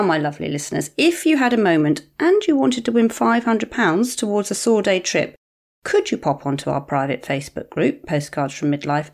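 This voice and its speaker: A woman's voice: mid-range voice, creaky, darkish tone. A middle-aged woman, co-hosting a podcast in a playful, teasing chat. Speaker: podcast co-host. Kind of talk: casual chat.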